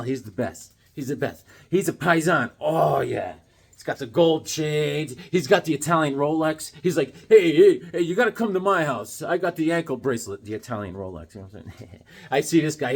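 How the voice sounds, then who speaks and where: A man in his forties showing off a comic book haul, talking in an excitable, joking way, recorded at home on a camera mic. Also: a little high, gravelly, husky. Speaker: comic collector vlogger. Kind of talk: casual comic haul vlog with jokes.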